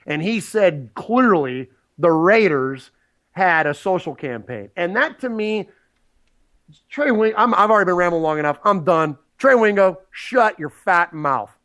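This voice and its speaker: A man's voice: sits high, expressive, measured pace, fairly bright tone. A man co-hosting a sports podcast, ranting casually with lots of restarts. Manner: rambling, indignant, many restarts.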